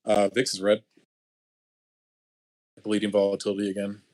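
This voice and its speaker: A man's voice: fairly low pitch, completely flat delivery, normal speed, darkish tone. A man giving matter-of-fact live market commentary on a trading stream.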